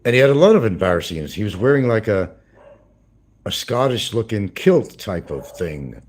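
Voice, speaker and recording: A man's voice: fairly low pitch, sing-song, normal speed, a little mellow. A man hosting a livestream, rambling through crude gossip with swearing and chuckles. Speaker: livestream host. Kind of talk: casual livestream commentary.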